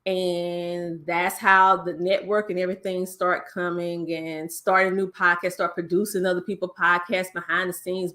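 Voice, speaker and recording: Bright-voiced Southern woman with a twang. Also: on the low side. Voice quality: country twang. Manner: lively storytelling, acts out other voices. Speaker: podcast guest. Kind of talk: casual interview talk.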